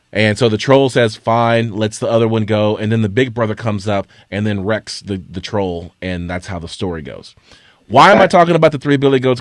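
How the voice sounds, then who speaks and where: A man's voice: fairly low pitch, dry recording. A man co-hosting a sports talk show, talking casually with a lot of energy. He tells a story with flair and trips over his words when he is pushed. His voice sounds close and dry. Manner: animated storyteller, stammers when pressed. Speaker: podcast co-host. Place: studio.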